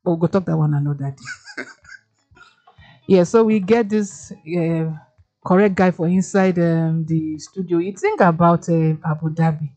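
A woman's voice: fairly low pitch, a little slow, mellow. A woman from Nigeria with a Nigerian accent, hosting a radio show and chatting playfully in Pidgin. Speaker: radio host. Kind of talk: casual radio chat in Pidgin.

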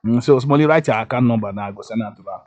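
A man with a mid-range voice fires off rapid talk as a radio host, casually chatting and joking in Pidgin English with a Nigerian accent. He regularly checks in with "you understand?"

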